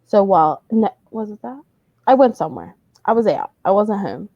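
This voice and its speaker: A young woman co-hosting a podcast, chatting casually and acting out her kids in animated stories. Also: medium pitch, normal speed, no room sound, highs cut off. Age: young adult. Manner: animated storytelling, acts out kids' voices. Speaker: podcast co-host. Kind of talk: casual chat.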